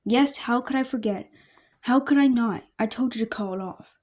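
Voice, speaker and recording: Groggy sulky young prince, mellow tone, voiced by a woman. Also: fairly high pitch, normal speed, close to an everyday voice. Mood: grumpy. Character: sleepy, grumpy young male prince.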